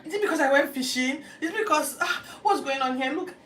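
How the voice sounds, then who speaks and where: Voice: sits high, brisk, a bit bright, pitched above the performer's own voice. A teacher putting on an urgent pleading Peter. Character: the apostle Peter, adult man, pleading and earnest. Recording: echoey room, distant mic, background noise.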